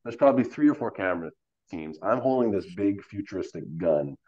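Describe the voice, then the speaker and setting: A man's voice: fairly low pitch, lively intonation, brisk, warm tone, husky, muffled recording. A man, an actor guest in a casual interview, telling stories animatedly with many fillers and acting out quoted dialogue.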